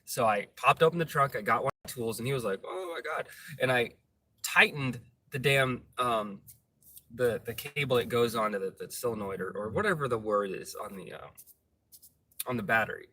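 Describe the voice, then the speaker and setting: A man's voice: medium pitch, moderate pace, no echo. A man chatting casually and profanely while driving, rambling and then ranting. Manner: rambling, profane, gets ranty. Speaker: vlogger. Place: inside a moving car. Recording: distant mic with loud road noise.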